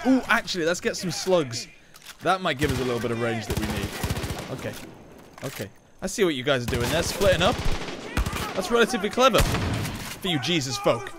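A young man chatting excitedly through gameplay, joking and laughing at his own lines. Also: a little high, background noise. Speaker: gaming YouTuber. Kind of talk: casual gameplay commentary.

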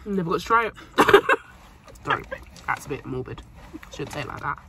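A woman's voice: sits low, animated, a little fast, noisy background. A woman chatting casually to camera as a vlogger, talkative and often giggling. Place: parked car.

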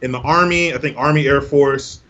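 A man's voice: medium pitch, a little fast, a bit bright, dull audio, a little hiss or hum. A man hosting a podcast in casual chat, explaining things in an easygoing way. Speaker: podcast host.

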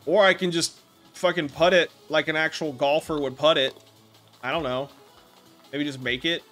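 Brief: male speedrunner, somewhat high voice, cursing at his game over soft music. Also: steady tone, moderate pace. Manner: swearing, frustrated outbursts at the game. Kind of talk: profane live gameplay commentary.

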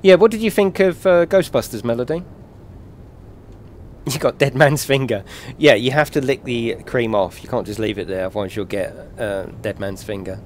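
During a live game stream, a British man from England chats with viewers at medium pitch and a moderate pace, slight background noise audible. His talk is playful, full of swearing and laughter.

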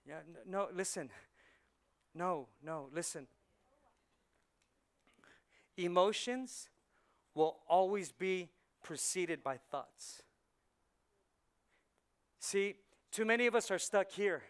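A man preaching a conversational sermon as pastor, swinging from soft asides to loud punchlines. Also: high-pitched, lively intonation, slow, long pauses, smooth. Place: church sanctuary.

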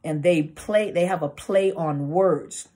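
A woman's voice: fairly low pitch, takes it slowly, dark tone. A woman, a counselor, talking casually to viewers and explaining while she acts out quoted arguments in exaggerated voices. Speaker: counselor and channel host. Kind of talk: casual educational talk to camera.

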